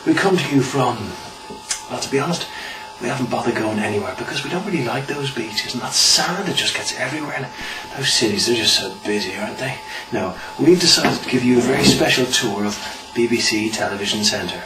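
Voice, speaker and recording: A man's voice: mid-range voice, animated, fairly quick, echoey room, recorded from a distance, music in the background, low-quality recording. A man hosting a parody holiday-show intro in a breezy, ironic presenter tone. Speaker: spoof holiday-show host.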